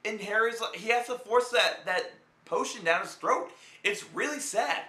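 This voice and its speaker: A man's voice: high-pitched, normal speed, bright, forceful tone, roomy sound, faint music behind. A young man giving a rambling, profane, joking film review as a vlog host.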